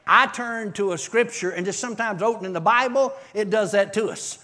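A man preaching a testimony to a church congregation, telling his story in an animated way with bursts of shouting and laughter. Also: high voice, brisk. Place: church service.

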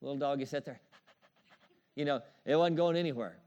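A man's voice: a little high, brisk, darkish tone, dull audio. A man preaching a sermon in an emphatic, repetitive style, calling for amens and chuckling as he goes. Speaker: pastor.

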